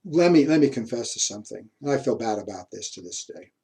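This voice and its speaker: A man gives a university history lecture at a mid-range pitch. He drifts into personal stories in a chatty, easygoing way and chuckles often as he talks. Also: expressive, fast, gravelly, a little mellow. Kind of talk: classroom lecture with anecdotes.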